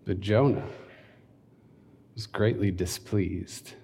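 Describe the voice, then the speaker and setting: Man, pastor, sermon, conversational asides, gravelly voice, long church reverb. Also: lowish voice, fairly even intonation, takes it slowly, a little mellow. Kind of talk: sermon with scripture reading. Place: church hall.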